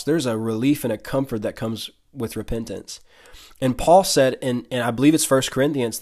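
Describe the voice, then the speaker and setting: A male preacher delivers a sermon in an earnest, chatty way. His voice sits at an ordinary middle pitch, and he often restarts phrases as he works through a point. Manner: earnest, conversational, with frequent restarts and brief laughs.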